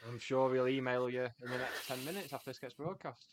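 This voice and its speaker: A man co-hosting a podcast, chiming in with quick deadpan quips in casual chat. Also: mid-range voice. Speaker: podcast co-host.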